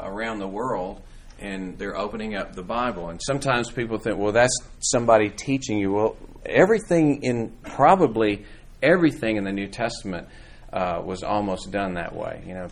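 A man's voice: on the low side, moderate pace. A man teaching an informal church Bible class in a conversational, rambling way, with many restarts and fillers.

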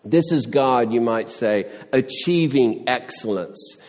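A man's voice: mid-range voice, lively intonation, slow, darkish tone, long reverb tail. A man preaching a sermon, earnest, pressing his points with rising questions and everyday illustrations. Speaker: pastor.

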